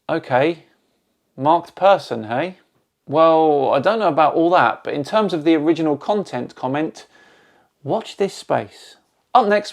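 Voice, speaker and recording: A man's voice: a little high, gravelly. A man from Bristol hosting a video, reading out viewer comments and answering them with dry, sarcastic comebacks. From Bristol, England. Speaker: video host.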